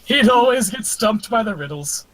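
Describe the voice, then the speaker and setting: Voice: mid-range voice, lively intonation, moderate pace, a bit bright, low-quality recording. A man voicing a cheerful guide character in a tabletop game, close to his own voice. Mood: chirpy.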